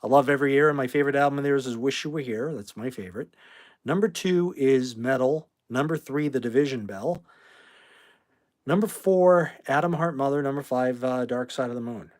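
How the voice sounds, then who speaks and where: A man's voice: mid-range voice, fairly quick. Rambling man hosting a livestream. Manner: rambling, flares up angrily at chat commenters, swears. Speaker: livestream host. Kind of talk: casual livestream chat. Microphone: phone.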